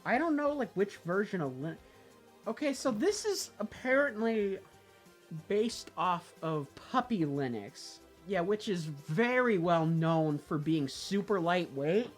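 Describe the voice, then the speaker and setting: A woman's voice: on the low side, animated, a little slow, faint music behind. A woman giving casual, sarcastic commentary over a screen recording, laughing often and sounding incredulous. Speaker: tech video creator.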